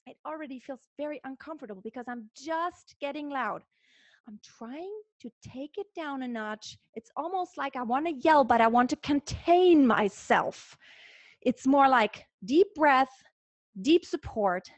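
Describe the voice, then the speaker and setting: A woman's voice: high voice, dry recording. A woman vocal coach giving a singing lesson in an earnest, instructive way, breaking off to sing examples. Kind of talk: singing lesson with sung demonstrations.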